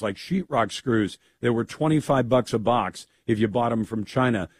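A man hosting a talk radio show, with a gravelly voice and a conversational, rambling manner. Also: medium pitch, a little mellow, no room sound.

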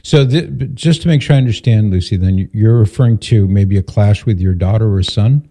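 A man hosting a call-in radio show, speaking in a calm, measured way as he steers the caller. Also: on the low side, husky. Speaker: radio talk show host.

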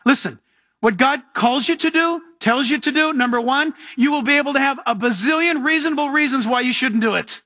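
A man's voice: very high-pitched, a little fast, no room sound. A man, a pastor, preaching a sermon in an emphatic way and often saying "listen". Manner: animated, emphatic, repeats "listen".

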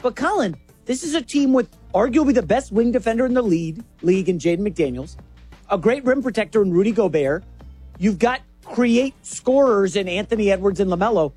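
A co-host on a sports talk show, chatty and animated, setting up topics. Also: medium pitch, husky, soft background music. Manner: chatty, animated, quick asides.

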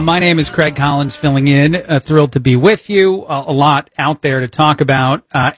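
Blunt talk-show host with many fillers. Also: male voice, a little high, slightly rough, no echo, studio quality. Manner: frequent "uh" fillers, exasperated and blunt. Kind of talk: opinionated talk radio commentary.

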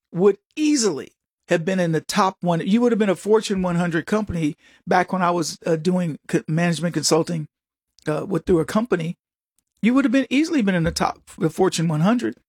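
A man's voice: high-pitched, slightly rough, dry recording, clean studio sound. A middle-aged man hosting a political commentary monologue, emphatic and digressive with sarcastic asides. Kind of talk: opinionated monologue with anecdotes.

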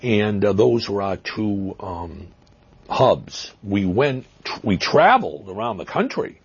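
A man with a Boston accent answering interview questions, halting with fillers and restarts, stressing words with emphasis, heard on dull lo-fi audio. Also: on the low side, big pitch swings, husky. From Massachusetts. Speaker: interview guest.

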